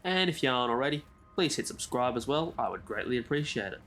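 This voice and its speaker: A man's voice: mid-range voice, big pitch swings, quick pace, fairly bright tone, soft background music. A man giving a casual, chatty game walkthrough as a gaming YouTuber, drifting into side comments. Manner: easygoing, chatty, rambles into asides.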